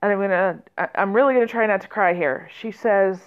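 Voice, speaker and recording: Woman, storytelling, chatty with fillers, mid pitch, slightly muffled audio. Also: fairly quick, hardly any pauses. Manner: conversational, many fillers and restarts, animated quoting. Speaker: teacher trainer telling a story. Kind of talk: personal storytelling.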